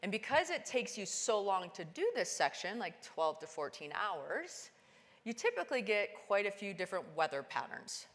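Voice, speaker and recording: A woman giving a keynote talk, telling a climbing story and acting out the dialogue with lively, animated delivery. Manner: animated, acts out dialogue with big pitch jumps. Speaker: keynote speaker. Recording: long hall reverb.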